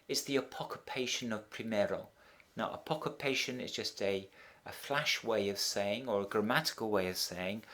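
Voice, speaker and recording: A middle-aged Spanish teacher with a fairly low, slightly bright voice walks through a translation exercise step by step. Like a teacher at his desk, he's methodical and unhurried, with frequent ums and small restarts.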